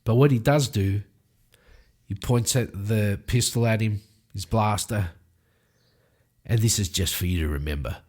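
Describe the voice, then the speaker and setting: A man's voice: on the low side, unhurried, pauses often. Man narrating a solo tabletop game. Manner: lively storytelling, acting out scenes.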